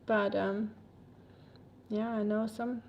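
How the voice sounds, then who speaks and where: A woman's voice: medium pitch, little pitch movement, slow pace, dull audio. A woman with a German accent, a native German speaker, chatting casually on a livestream, rambling with many fillers and frequent laughs. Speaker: livestreamer reading chat.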